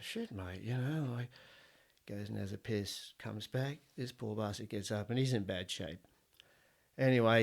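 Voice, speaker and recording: This is a middle-aged Australian man's solo podcast, full of crude, rambling jokes, opinions and heavy swearing. He has a mid-range voice that comes across a bit bright.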